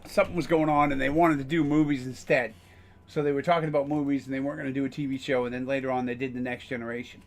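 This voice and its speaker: A man's voice: medium pitch, fairly even intonation, very fast. A man casually streaming a game, rambling with frequent fillers and the odd curse. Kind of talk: casual gameplay commentary.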